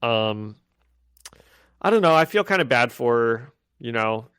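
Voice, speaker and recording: Clean studio sound and a dry recording capture a man's mid-range, clean-toned voice moving at a measured pace. As a podcast co-host he recaps comic issues in relaxed conversation, lively as he voices the quoted lines.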